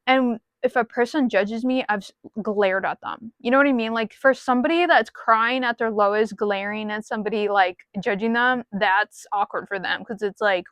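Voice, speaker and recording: A woman's voice: fairly high pitch, a bit bright, no room sound. A woman talking casually to her viewers from her car, frank and rambling, with small self-deprecating asides, into a small mic plugged into her phone. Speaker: vlogger. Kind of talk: casual talk to camera.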